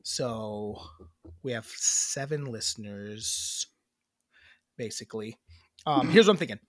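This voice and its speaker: A man's voice: medium pitch, slow, no echo. A man co-hosting a podcast in casual chat, rambling and joking with lots of fillers and restarts. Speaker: podcast co-host.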